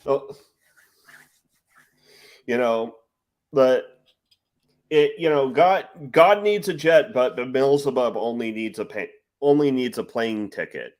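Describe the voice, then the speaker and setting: Male co-host, unhurried, stumbles over words, easy laugh. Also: medium pitch, animated, darkish tone. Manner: halting, repeats words, chuckles often. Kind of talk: casual stream chat.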